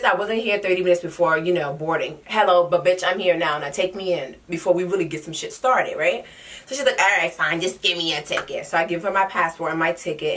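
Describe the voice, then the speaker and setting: A woman's voice: on the low side, fairly bright tone. Sassy young woman telling a story, mic a bit distant. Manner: sassy, dramatic, slangy storyteller. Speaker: vlogger. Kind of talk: casual storytime vlog.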